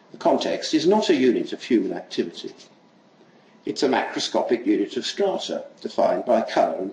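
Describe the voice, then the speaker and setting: An older man giving an academic lecture, reading a prepared text in a measured way with occasional asides. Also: medium pitch, darkish tone. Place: lecture hall. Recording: echoey lecture hall, faint noise.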